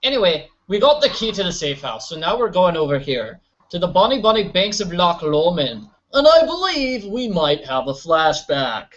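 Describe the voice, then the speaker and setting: A man talking over a video game in a loose, rambling way, tripping into restarts and poking fun at himself. His voice sits a bit high for a man and reaches the ear dull and lo-fi. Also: very animated, moderate pace, hardly any pauses, a bit bright. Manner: rambling, self-mocking, stammering restarts. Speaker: let's play commentator. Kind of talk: casual gameplay commentary. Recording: dull lo-fi recording.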